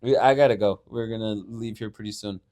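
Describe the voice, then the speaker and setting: A young man co-hosting a podcast, telling animated stories in casual chat and swearing freely. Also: on the low side, fairly quick. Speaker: podcast co-host.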